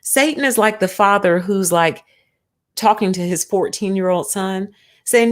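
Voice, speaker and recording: A woman's voice: mid-range voice, unhurried. A woman streamer giving casual spiritual commentary in an emphatic, conversational way.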